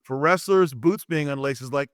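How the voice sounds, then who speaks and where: A man in his fifties, a former wrestler and interview guest, telling lively anecdotes and acting out quotes with frequent restarts. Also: mid-range voice, normal speed, clear, resonant tone, no echo, studio quality. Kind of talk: animated storytelling in a podcast interview.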